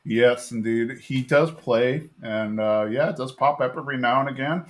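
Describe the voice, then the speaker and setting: A man's voice: medium pitch, normal speed. A man co-hosting a podcast, casually retelling a cartoon episode in a rambling way and briefly acting out the characters' lines. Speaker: podcast co-host recapping an episode. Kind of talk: casual chat.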